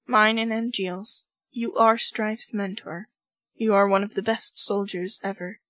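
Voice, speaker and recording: A woman's voice: unhurried, no echo, lightly acted. Woman doing a stern, intense male general. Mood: pleading. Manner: monotonous and deep.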